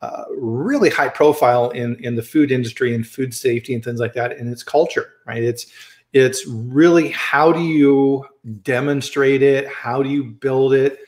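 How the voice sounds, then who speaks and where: A chatty, upbeat man hosts a casual live stream, greeting viewers and his guest by name. His voice sits at an ordinary middle pitch and carries the echo of a roomy home room. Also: steady tone, moderate pace, darkish tone. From American Midwest. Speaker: livestream host. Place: home studio, Colorado.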